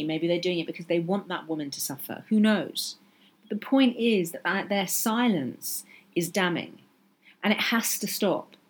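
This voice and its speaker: A woman hosting a solo podcast, talking earnestly and with passion, driving her points home by repeating them. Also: lowish voice. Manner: earnest, impassioned, emphatic repetition. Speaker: podcast host.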